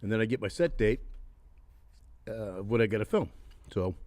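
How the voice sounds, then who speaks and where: A man's voice: fairly low pitch, animated, normal speed, darkish tone, no echo. Swearing man in his sixties telling stories. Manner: profane, laughs through his stories. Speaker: podcast guest. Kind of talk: casual storytelling. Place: haunted attraction venue.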